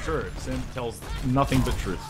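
A gamer joking loudly in casual voice chat, putting on exaggerated mock accents. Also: medium pitch, normal speed. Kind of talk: casual gaming banter. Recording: loud game music behind.

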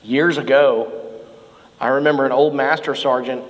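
Animated pastor preaching in echoing hall. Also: male voice, mid-range voice, moderate pace, muffled recording. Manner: animated storytelling, shouting quoted lines. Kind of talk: sermon. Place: church sanctuary.

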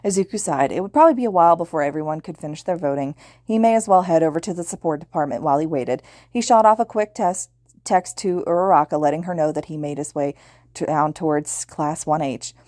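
A woman's voice: low voice, a little mellow, dry recording, studio quality. A woman reading fan fiction aloud in a casual narrating manner. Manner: quick, casual narration with slips. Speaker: podfic reader.

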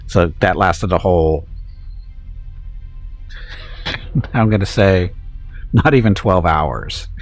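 A man's voice: low-pitched, takes it slowly, soft background music. A man streaming a strategy game, telling a rambling home story with frequent chuckles, then talking through his moves. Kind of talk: casual gameplay chat.

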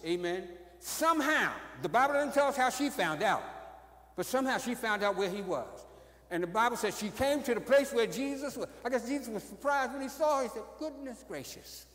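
A man preaching in a church sanctuary, his voice sitting high for a man. He swings between loud, raised exclamations and low, quiet storytelling, dropping "amen" between phrases. The sound is roomy, with a long reverb trailing off the walls. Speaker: pastor. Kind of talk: sermon. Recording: echoey church hall.

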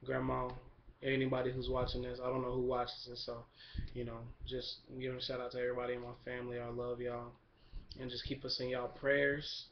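Laid-back young man, flat and rambling. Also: mid-range voice, fairly quick, slight background noise. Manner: relaxed, rambling, lots of fillers. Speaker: vlogger. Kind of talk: casual video update. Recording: dull lo-fi camera recording.

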